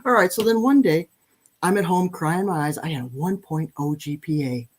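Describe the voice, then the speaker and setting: An older woman in her sixties telling personal stories on a podcast, her voice a little low for a woman. She speaks animatedly, pokes fun at herself and trips into frequent restarts. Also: normal speed. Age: 60s. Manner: animated, self-deprecating, many restarts. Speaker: podcast guest. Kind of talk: storytelling in conversation.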